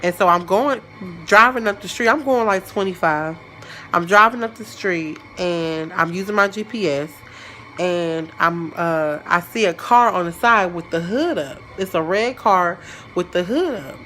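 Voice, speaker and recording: A woman telling a story in a casual, chatty vlog, animated and full of slang. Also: lowish voice, a little slow, a little hiss or hum. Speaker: vlogger.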